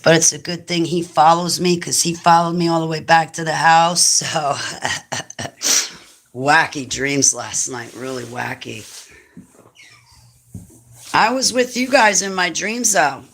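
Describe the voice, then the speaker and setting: A woman's voice: low voice, slow pace, pauses often, a bit bright. A woman hosting a livestream, talking casually and bluntly to her viewers, rambling from topic to topic and chuckling often. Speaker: livestream host.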